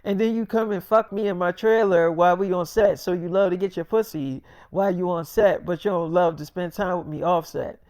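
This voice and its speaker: A man's voice: high-pitched, fairly quick, hardly any pauses, a little mellow, no echo. Angry young woman, put on by a male storyteller, raised accusing voice, dry sound. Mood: angry scolding. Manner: scolding, accusing. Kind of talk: freestyle storytelling.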